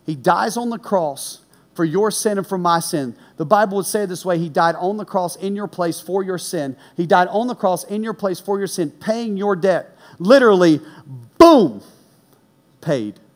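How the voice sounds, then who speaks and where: Guy preaching, high voice, animated storyteller, goes loud on punchlines then low and quiet. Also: moderate pace. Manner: animated storyteller, shouts punchlines, drops low for serious points. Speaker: pastor. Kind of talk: sermon with personal story.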